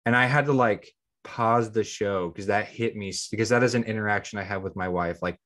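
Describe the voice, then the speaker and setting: A man's voice: fairly low pitch, brisk, a bit bright. A man co-hosting a podcast in casual chat, rambling, leaning on "like" and often restarting his sentences. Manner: rambling, heavy use of "like". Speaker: podcast co-host.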